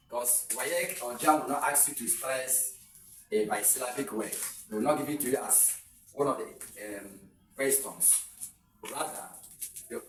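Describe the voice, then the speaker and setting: A man's voice: medium pitch, far from the mic. A man from Nigeria giving an exam tutorial lecture, repeating words for emphasis and explaining step by step. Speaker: teacher. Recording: echoey room, voice a little off-mic, faint noise.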